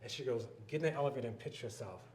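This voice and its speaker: Philly guy, filmmaker telling stories, does little voices for people, mid pitch, roomy live room with faint murmur. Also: racing, slight background noise. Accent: Philadelphia. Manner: animated storyteller, acts out quoted voices. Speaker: filmmaker and educator, guest. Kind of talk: storytelling interview talk. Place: live event venue. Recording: roomy live event recording.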